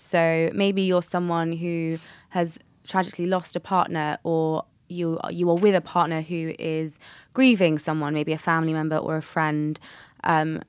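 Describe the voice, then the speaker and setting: A woman hosting a podcast, measured and thoughtful, with soft fillers. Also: fairly low pitch, clear, resonant tone, no room sound. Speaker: podcast host. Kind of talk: casual chat.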